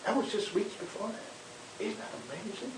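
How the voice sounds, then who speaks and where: An older man, a minister, telling civil rights era stories in an animated, conversational way, with frequent repeated words. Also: sits high, normal speed. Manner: animated storyteller, dramatic quotes, many repeated words. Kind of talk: conversational storytelling interview. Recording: echoey room, distant mic, hiss.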